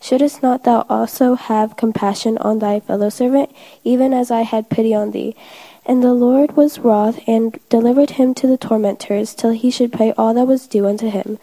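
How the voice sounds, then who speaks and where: Gravelly-voiced woman reading scripture. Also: on the high side, moderate pace, low-quality recording. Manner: steady reading of old-fashioned verse, occasional slips. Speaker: scripture reader.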